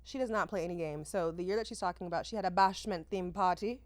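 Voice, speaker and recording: A woman in her thirties hosting a podcast, chatting casually in a lively, slangy, exclamatory way. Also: lowish voice, fast talker, no echo. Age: 30s. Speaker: podcast host.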